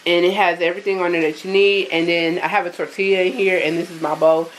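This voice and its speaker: A woman's voice: fairly low pitch, little pitch movement, quick pace, a little hiss or hum, poor audio. Chatty woman vlogging from her kitchen. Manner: chatty and upbeat, addresses viewers as y'all. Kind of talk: casual vlog chat. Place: home kitchen.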